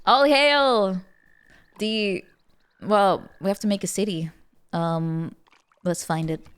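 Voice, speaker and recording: Slow and clear, with a resonant mid-range tone, this woman chats in a casual live stream of a strategy game. Her manner is playful and animated; she often stumbles over repeated words and laughs between comments.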